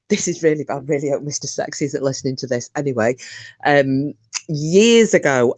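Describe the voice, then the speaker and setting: A woman's voice: sits low, no room sound. A woman hosting a casual chat, telling stories with frequent laughter and the odd swear. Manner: chatty storyteller, laughs often, swears. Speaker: stream host.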